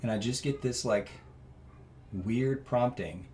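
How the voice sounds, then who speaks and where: Earnest male guest, rambling storyteller, middle pitch, a bit of room noise. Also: slow. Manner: earnest, rambling, with many fillers and restarts; grows loud and animated when telling emotional parts. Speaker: interview guest. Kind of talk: personal storytelling in a conversation.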